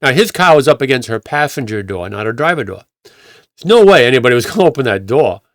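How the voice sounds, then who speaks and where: A man's voice: medium pitch, very animated, quick pace, no room sound, clean studio sound. A male pastor telling stories in a rambling, conversational way, with frequent restarts and acted-out quotes. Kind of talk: conversational sermon storytelling.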